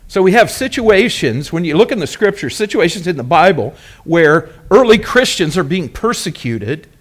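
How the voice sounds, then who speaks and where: A man's voice: high-pitched, very animated, moderate pace. A man preaching a sermon as pastor, earnestly reviewing points and then emphatically teaching a word, repeating key terms.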